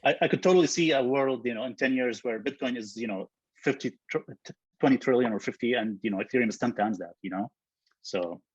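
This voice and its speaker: A man, a software co-founder, talking in a casual interview, thoughtful and full of fillers and restarts. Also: mid-range voice, fast, breathy edge, no room sound, lo-fi sound.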